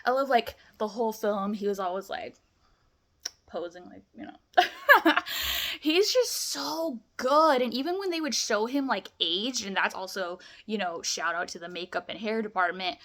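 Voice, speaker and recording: A woman's voice: medium pitch, animated, normal speed, fairly bright tone. A young woman vlogging a film review, gushing in casual chat, full of "like" and "amazing".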